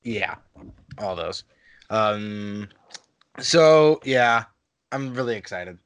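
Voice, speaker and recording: A man chatting casually as a podcast co-host, relaxed and easygoing. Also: on the low side, drawn-out words, slight background noise. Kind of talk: casual chat.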